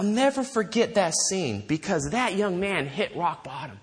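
A man preaching a sermon to a congregation, telling stories in an animated way, often restarting sentences and laughing. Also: high-pitched, moderate pace, hardly any pauses. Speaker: pastor.

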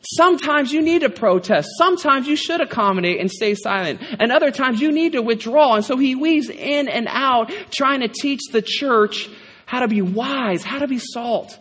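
A man preaching a sermon in a conversational, animated way, often checking in with a rhetorical "right?". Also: extremely high pitch, in a large hall.

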